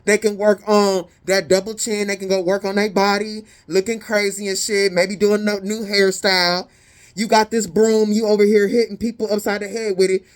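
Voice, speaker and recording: A woman giving a casual tarot reading, blunt, profane and sassy, with animated indignant peaks. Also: medium pitch, normal speed. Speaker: tarot reader.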